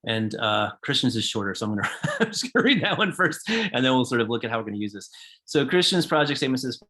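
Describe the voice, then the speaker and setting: A man's voice: medium pitch, very animated, fast talker, sharp tone. A man leading an online design workshop over a video call, talking loosely with many fillers and restarts. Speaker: workshop leader and book author.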